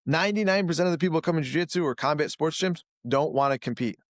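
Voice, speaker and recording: Animated, blunt man coaching talk. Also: a little high, fast talker, no room sound, clean studio sound. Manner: animated, acts out quoted people in a raised voice; blunt and self-critical. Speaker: jiu-jitsu coach and gym owner. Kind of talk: casual podcast interview.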